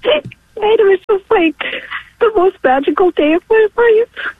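High-voiced tearful woman on a phone line. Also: lively intonation, measured pace, no room sound. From New York. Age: 40s. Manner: emotional, tearful, breaking into laughs. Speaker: caller. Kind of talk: phone-in testimony. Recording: tinny dry phone line.

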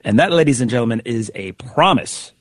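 A man hosting a radio fundraising appeal, speaking briskly and repeating the call-in details. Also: medium pitch, animated, dry recording. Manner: brisk, repeats phone numbers. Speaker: radio host.

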